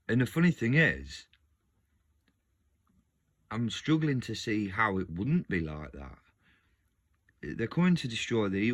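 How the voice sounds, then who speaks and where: A man musing casually to his video audience, rambling and restarting his sentences. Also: lowish voice. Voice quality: rambling, self-interrupting, frequent restarts. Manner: animated, laughs often. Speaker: video host.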